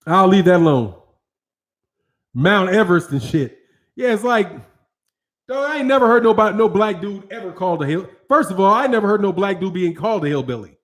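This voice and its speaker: Midwestern american man, high voice, swears a lot, animated livestream chat host. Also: brisk. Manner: profane, animated, reads viewer chat aloud.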